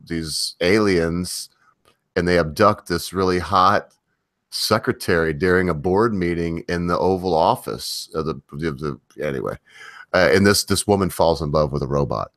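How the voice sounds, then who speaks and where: A man hosting a casual live stream chat. He has a very low voice and rambles from one tangent to the next. The sound is dry and close. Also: fairly bright tone, no echo. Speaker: host.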